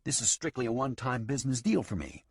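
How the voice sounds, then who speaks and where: A man's voice: mid-range voice, big pitch swings, fast talker, husky, no echo, studio quality, voice pushed up. Man doing a jittery frightened gambler. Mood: nervous. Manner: jittery, protesting. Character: nervous rattled young gambler man.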